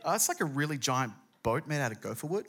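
A preacher voicing a sheepish husband who explains himself hesitantly. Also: male voice, on the high side, very animated, quick pace, a bit bright, breathy edge, exaggerated voice. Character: sheepish, hesitant bearded patriarch.

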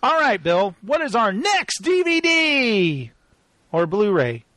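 A man in his thirties co-hosting a casual chat about new movie releases, animated and joking, often laughing. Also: high voice, takes it slowly, no room sound. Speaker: podcast co-host.

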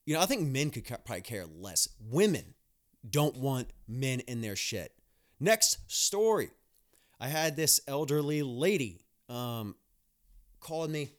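Young male podcast host, mid-pitch, casual monologue, crude and blunt. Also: animated, a little slow. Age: young adult. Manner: blunt, profane ranting with mocking asides.

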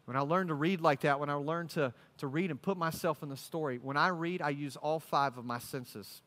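Animated male preacher, casual slang, high bright voice; sermon storytelling. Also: in a large hall.

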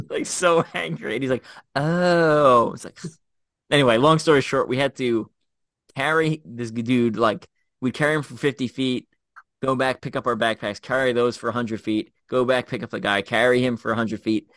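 A man's voice: medium pitch, normal speed, dry recording. A middle-aged man telling military stories in a casual podcast chat, full of fillers and restarts. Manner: animated storyteller, many fillers and restarts. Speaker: former Special Forces officer, guest co-host.

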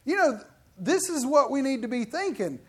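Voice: sits high, normal speed, slightly rough. A middle-aged preacher giving an emphatic sermon with lots of restarts. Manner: animated, emphatic, with many restarts.

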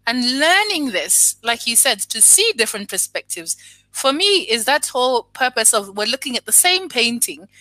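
A woman appearing as a guest, her voice bright and a bit high. She speaks reflectively, often stopping to restart a thought. The sound is dry and close, with no room around it. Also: big pitch swings, normal speed, no room sound. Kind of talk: casual conversation.

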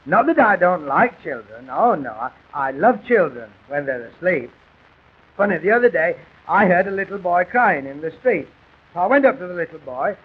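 A man playing a weary, rambling police constable, telling deadpan comic stories on a dull old gramophone recording. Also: high voice, moderate pace, husky, full character voice. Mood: chatty. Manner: chatty, rambling, self-pitying with deadpan gags. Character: weary, grumbling male police constable on the beat. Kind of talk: music-hall comic monologue and patter.

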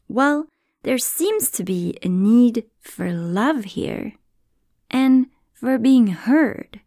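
A woman hosting a podcast, explaining ideas in a calm, thoughtful, teacherly way. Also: fairly high pitch, takes it slowly, no echo, clean studio sound. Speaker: podcast host.

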